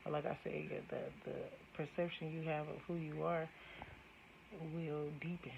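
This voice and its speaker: A woman's voice: sits low, little pitch movement, normal speed, creaky. A woman giving a casual spiritual tarot reading, talking bluntly and profanely, and she often builds into heated rants. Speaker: spiritual reader. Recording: dull lo-fi audio, faint hiss.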